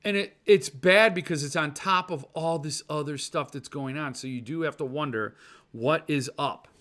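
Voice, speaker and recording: At a moderate pace, a man with a slightly high, somewhat bright voice hosts a laid-back podcast. He rambles and kids around over viewer comments, ranting and doing mock voices.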